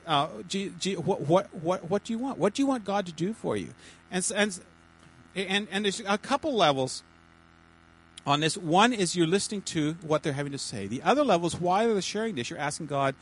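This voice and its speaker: A man, a pastor, giving informal teaching to a small church group in a halting, chatty way, with many repeated words and restarts. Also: high voice, expressive, a little hiss or hum, rough recording. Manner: chatty, jokey asides.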